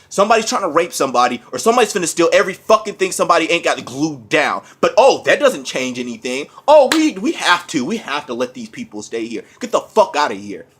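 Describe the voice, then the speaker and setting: A man's voice: high-pitched, fairly bright tone. A sick man coughing through a profane, heated rant on his vlog. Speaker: vlogger. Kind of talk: angry ranting vlog.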